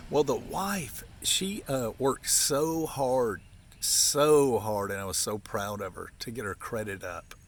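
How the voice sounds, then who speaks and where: A man in his fifties from Appalachia rants to his vlog audience, aggravated and folksy, circling back to the same words. His voice is gravelly and sits in a middle register, breaking into sudden high yelps when he gets worked up. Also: slow pace, slight background noise. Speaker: vlogger. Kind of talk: ranting to camera.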